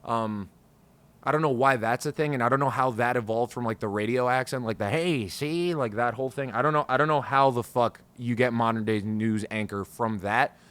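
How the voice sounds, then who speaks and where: A man's voice: medium pitch, fairly quick, a bit bright, dry recording. A man hosting a casual solo podcast, frustrated and scattered, talking in a rambling way and swearing freely, recorded on a studio microphone. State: over-caffeinated, scattered. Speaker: podcast host.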